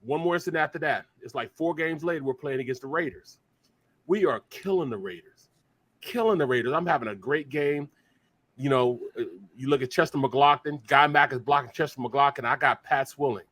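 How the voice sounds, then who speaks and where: A man's voice: mid-range voice, a little fast. A man in his fifties, a former pro football player, telling locker-room stories in casual chat and acting out the voices of the people in them. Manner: animated, acts out the voices of others.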